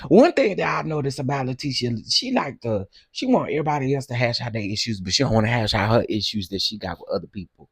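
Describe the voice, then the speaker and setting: A man hosting a casual live stream, chatty and quick to laugh, talking straight to his viewers. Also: medium pitch, lively intonation, breathy edge, dry recording, clean studio sound.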